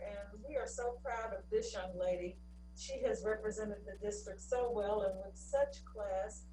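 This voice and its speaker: A woman's voice: medium pitch, warm tone. A woman co-hosting a school district awards ceremony, praising honorees effusively. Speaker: district co-host. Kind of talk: ceremony presenting on a video call. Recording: echoey room, distant mic, faint hum.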